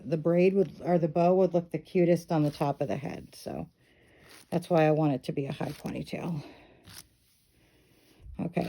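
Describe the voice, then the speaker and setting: A woman's voice: fairly low pitch, warm tone. A middle-aged woman casually explaining step by step how to style a doll's hair, chatty and instructive, checking in often with "okay". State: hiccups. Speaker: reborn doll hair tutorial host.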